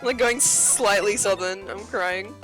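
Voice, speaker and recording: A woman chatting casually with a friend while streaming a game, wry and quick to laugh. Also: medium pitch, over music. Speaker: co-op stream guest.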